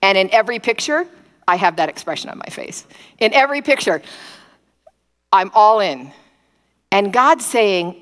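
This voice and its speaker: A woman preaching a sermon, telling stories in an animated way and acting out prayers in quoted voices. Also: medium pitch, normal speed, pauses often, long reverb tail. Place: indoor gathering space.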